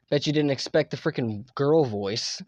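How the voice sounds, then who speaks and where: A young man streaming a game, chatting casually, excitable and full of swearing and laughter. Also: mid-range voice, a little slow, no room sound. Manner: excitable, profane, laughs a lot. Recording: dull lo-fi mic, dry.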